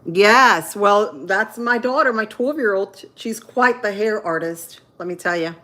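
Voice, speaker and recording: Slow-talking chatty woman from Florida. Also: mid-range voice, sharp tone. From Central Florida. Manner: chatty, thinks aloud with pauses and fillers. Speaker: livestream host. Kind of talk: casual live-stream chat while cooking.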